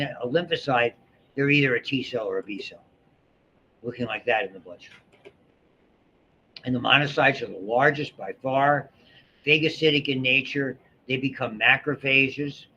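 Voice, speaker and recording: A man's voice: mid-range voice, bright, forceful tone. Middle-aged man, biology lecture, rambling asides, classroom recording, muffled sound, light hiss. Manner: chatty, digressive, many restarts and asides. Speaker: biology instructor.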